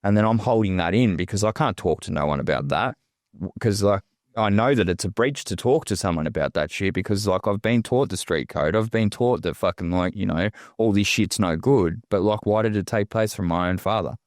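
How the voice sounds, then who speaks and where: An Australian man telling a painful personal story as a podcast guest, halting and swearing often. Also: fairly low pitch, dry recording, studio quality. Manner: raw, halting, heavy swearing. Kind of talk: emotional personal testimony.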